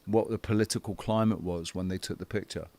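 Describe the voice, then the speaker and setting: A man in a casual group chat, rambling and swearing often, with quick impressions of other people. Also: on the low side, fairly even intonation, warm tone. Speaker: guest on a flat earth chat stream.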